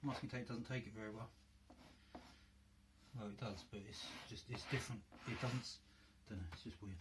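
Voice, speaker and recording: A man's voice: lowish voice, moderate pace, background noise. A man with a North London accent hosting a casual hands-on crafting tutorial, chatting and thinking aloud as he works in a home workroom. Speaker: crafting video host.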